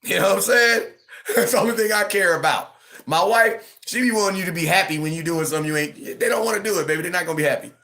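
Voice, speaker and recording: A man in his thirties hosts a casual live stream sports rant, his voice bright and forceful and a touch higher than most men's. He talks in an animated, mocking way, slipping into quick impressions and laughing often. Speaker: livestream host.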